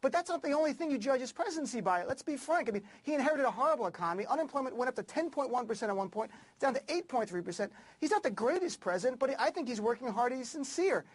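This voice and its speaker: A male former attorney on a political panel. He talks quickly and earnestly, and he keeps pressing his argument with conviction. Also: extremely high pitch, lively intonation, breathy edge.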